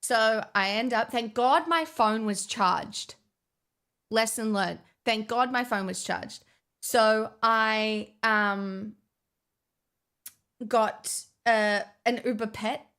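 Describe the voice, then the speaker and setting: A woman's voice: fairly high pitch, slow, fairly bright tone, clean tone. A young woman, chatting casually as a vlogger, swearing often and restarting her sentences. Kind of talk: casual storytime chat.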